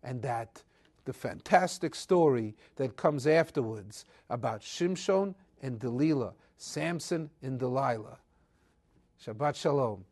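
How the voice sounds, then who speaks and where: A man telling a weekly Torah portion as a lively story, acting out the characters' quotes and mixing Hebrew terms into casual English. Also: mid-range voice, unhurried. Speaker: Torah teacher.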